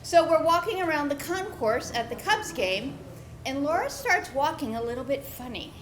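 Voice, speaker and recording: A woman with a high, lively voice tells a story before a live audience. She gives the people in her tale their own voices. The stage mic sits in an echoey pub room. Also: moderate pace, a little hiss or hum. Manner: animated, acts out quoted voices.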